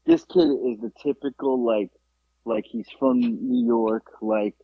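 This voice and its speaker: A man's voice: medium pitch, measured pace, gravelly, husky, dry recording. A man co-hosting a podcast, telling a story in casual chat and acting out the people he quotes, with some swearing. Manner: animated, acts out quoted voices, swears. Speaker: podcast co-host. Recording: tinny phone-like sound.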